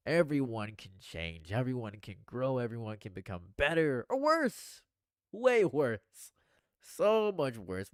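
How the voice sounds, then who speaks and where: A man's voice: lowish voice, dry recording, clean studio sound. A man talking earnestly to his live stream audience in a rambling, repetitive monologue. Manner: earnest, rambling, repeats phrases.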